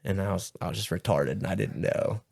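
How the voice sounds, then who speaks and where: A man's voice: low-pitched, brisk, vocal fry, a little mellow. Young man rambling and swearing. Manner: rambling storyteller, heavy swearing, lots of "like". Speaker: podcast host. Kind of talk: casual chat.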